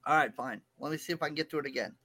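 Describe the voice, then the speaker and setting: A man's voice: a little high, very fast, sharp tone. A man in a casual online podcast chat who talks in a flustered, stalling way.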